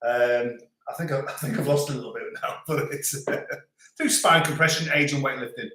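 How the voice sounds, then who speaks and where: A middle-aged man, hosting a livestream and reading out viewer comments in a relaxed, chatty way with frequent laughs. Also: medium pitch, a little fast. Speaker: livestream host. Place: home in rural France. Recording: echoey room.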